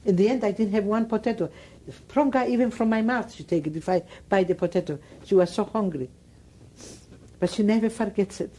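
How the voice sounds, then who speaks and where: A woman's voice: medium pitch, fairly quick, mellow. A woman in her nineties with a Greek accent, speaking broken English in an emphatic, repetitive way as an interviewee. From Greece. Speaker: Holocaust survivor interviewee. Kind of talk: oral history interview.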